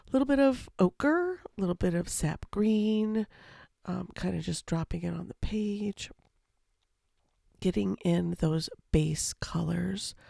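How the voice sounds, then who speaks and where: A woman with a slightly scratchy voice, speaking low and softly over a watercolor tutorial, rambling with lots of ums. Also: creaky, dry recording, studio quality. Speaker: watercolor painting instructor. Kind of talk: casual voice-over for a painting tutorial. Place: home, with a baby asleep in another room.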